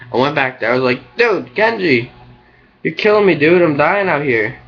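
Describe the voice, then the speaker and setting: Speaking at medium pitch with a slightly bright tone, this young cook from the United States rants at his webcam in a meandering, annoyed way, leaning constantly on "like" and "you know." The webcam microphone makes the recording sound dull and lo-fi.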